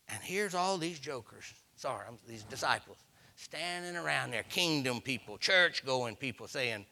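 Bright-voiced folksy preacher. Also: male voice, medium pitch, animated, moderate pace. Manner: folksy storytelling, acts out voices, rising to shouts. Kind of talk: sermon.

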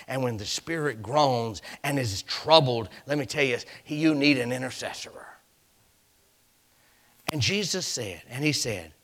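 A man preaching a sermon, reading scripture in old King James wording and swinging from hushed whispers to shouted climaxes. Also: mid-range voice, lively intonation, measured pace.

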